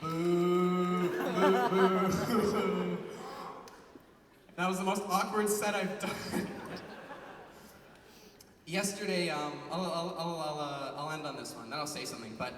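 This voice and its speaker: A man's voice: fairly high pitch, normal speed, long pauses. A young man from Edmonton, telling chatty stand-up stories to a large convention crowd. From Canada, Edmonton. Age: young adult. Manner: chatty, animated storytelling with frequent "like"s. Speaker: stand-up comedian. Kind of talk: stand-up comedy set. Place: large convention hall stage before a big crowd. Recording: echoey hall recorded from far off with crowd noise.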